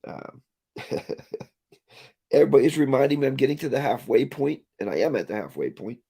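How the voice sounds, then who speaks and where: Male livestream host, ranting casually, gravelly voice, lively pitch. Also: quick pace. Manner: ranting, reads viewer comments aloud.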